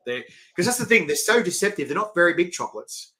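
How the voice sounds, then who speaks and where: A middle-aged Australian man hosting a casual live-stream interview, rambling excitably and reading viewer comments aloud. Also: sits high, fast. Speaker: host.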